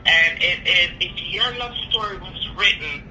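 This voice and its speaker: A man hosting a couples interview, reading questions in an upbeat, brisk way. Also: sits high, pushed and bright, a little hiss or hum, low-quality recording. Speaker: interviewer, host.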